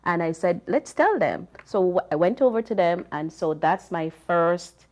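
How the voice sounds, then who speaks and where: A woman's voice: on the low side, moderate pace, darkish tone. A woman from Jamaica with a Jamaican accent, telling chatty anecdotes with lots of fillers as a panel guest. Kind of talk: casual storytelling.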